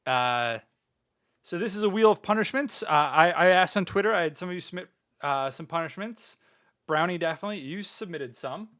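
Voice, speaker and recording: Playful, slightly high-voiced male streamer. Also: animated, a little fast, a bit bright. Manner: playful, mock-grandiose, swears often. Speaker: VTuber streamer. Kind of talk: casual livestream chat.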